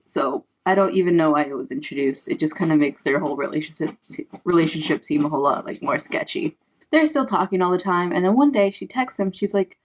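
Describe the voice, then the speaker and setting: A woman's voice: lowish voice, animated, a little fast. A woman, a parent, giving a casual, sarcastic recap of a book, full of "like" fillers. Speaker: book reviewer.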